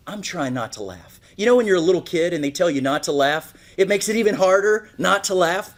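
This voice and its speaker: A man delivers a motivational keynote from a stage, telling a personal story. His voice sits fairly high, and he keeps checking in with the audience by asking "right?". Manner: storytelling, asks frequent "right?". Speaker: motivational speaker. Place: speaking on stage at an event.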